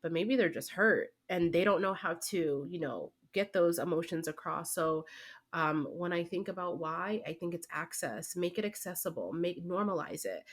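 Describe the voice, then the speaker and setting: A woman's voice: lowish voice, moderate pace. A young woman, a teacher and guest, talking in casual conversation and often filling with "like" and "right?". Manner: animated, heavy fillers like "like" and "right?".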